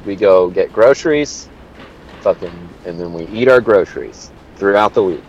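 A man's voice: deep voice, expressive, normal speed, muffled recording, slight background noise. A man, a young adult, co-hosting a podcast and telling a rambling, profane story in a casual chat. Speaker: podcast co-host. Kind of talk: casual crude podcast banter.

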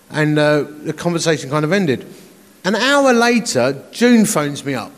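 A man's voice: on the high side, very animated, moderate pace. A man in his forties, a pastor, preaching a conference sermon in a chatty, self-mocking storytelling way. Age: 40s. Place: large conference hall. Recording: echoey conference hall.

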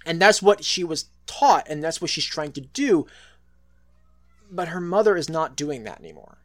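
A man hosting a casual comics podcast, eagerly retelling scenes and chatting with a guest. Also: a little high. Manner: excitable, retells scenes with quick quoted voices. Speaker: podcast host. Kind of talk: casual chat about comics.

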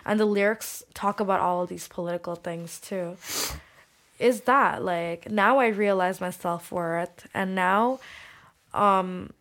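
A woman's voice: lowish voice, a little slow, a bit bright. A young adult woman, a musician guest on a podcast, talking candidly and emotionally, swearing freely and filling her speech with "like".

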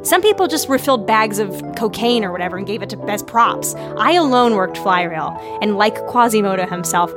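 A woman co-hosting a podcast in casual chat, quick and teasing, laughing often. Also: mid-range voice. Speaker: podcast co-host.

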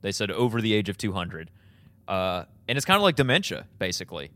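A man in his thirties co-hosting a podcast, recapping an episode in casual chat, animated and laughing often. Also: fairly low pitch, fairly quick, no room sound. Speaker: podcast co-host.

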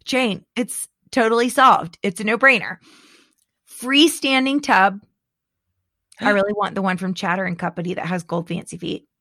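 A middle-aged woman in casual chat, animated and dramatic, laughing often. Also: medium pitch, moderate pace, no room sound, clean studio sound.

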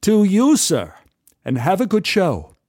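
A droll, genteel older English gentleman with a raised, lifted voice, as a storyteller puts him on. He speaks with dry understatement and courtly politeness. The sound is close and dry, with no room around it. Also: sits high, wildly swooping pitch, slow pace, no room sound, pitched above the performer's own voice, exaggerated voice.

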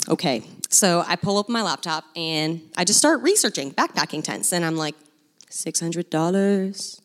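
Young woman, missionary speaker, animated storyteller who laughs often and plays out every line of dialogue. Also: lowish voice, moderate pace. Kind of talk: testimony storytelling.

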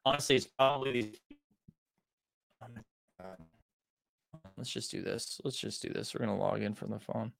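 A man's voice: fairly low pitch, normal speed, gravelly, long pauses, a bit bright. A young man hosting a livestream, talking to his chat casually and sounding frustrated and restless. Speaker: livestream host.

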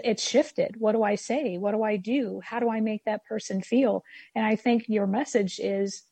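A woman's voice: fairly high pitch, vocal fry, darkish tone, slightly rough, no echo. A woman as an interview guest, talking in a reflective, casual way with short searching phrases.

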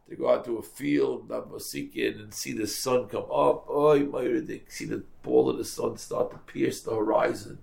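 An older man, a rabbi, telling a story in a sermon with animated, repetitive speech sprinkled with Yiddish and Hebrew words. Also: mid-range voice, normal speed, gravelly, few pauses. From United States.

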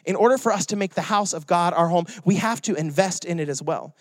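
A man's voice: high voice, a little fast, dry recording. A young adult man preaching a sermon in a joking, conversational way. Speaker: pastor.

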